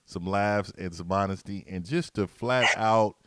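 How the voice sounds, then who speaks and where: A man's voice: fairly low pitch, a little slow, heavy background noise. A man hosting a sports podcast, easygoing and hyped, often repeating words as he sets up his guest. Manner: easygoing, hype, repeats words when excited. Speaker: podcast host. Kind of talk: casual podcast chat.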